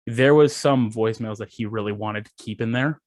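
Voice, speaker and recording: A young man and podcast host in casual chat, telling an animated, profane story and acting out the dialogue. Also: lowish voice, fairly quick, dry recording, studio quality. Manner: animated storytelling, acts out dialogue, swears freely.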